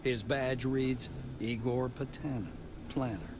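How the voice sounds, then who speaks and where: A man reading scripted narration for a video game in an even, descriptive voice. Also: mid-range voice, slow pace, background noise, close to an everyday voice.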